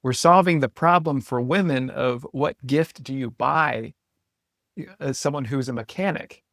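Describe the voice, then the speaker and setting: A man's voice: mid-range voice, a little slow, a bit bright, no room sound, studio quality. A man hosting a podcast, talking in a loose, rambling way with lots of "like" fillers and restarts. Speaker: podcast host. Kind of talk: casual interview chat.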